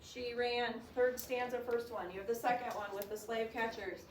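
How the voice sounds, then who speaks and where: A woman's voice: on the high side, steady tone, normal speed. A woman teaching a class, reading a poem aloud with expression and asking students questions about how she read it. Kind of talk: classroom poetry reading and discussion. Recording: roomy classroom sound from a distant mic with noise.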